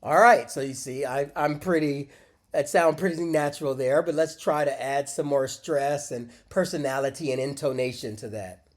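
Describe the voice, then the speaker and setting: A man teaching a short English lesson, speaking deliberately and modeling phrases for learners to repeat. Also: fairly high pitch. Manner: slow, deliberate, encouraging, models phrases aloud for repetition. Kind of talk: scripted micro-lesson with screen demo.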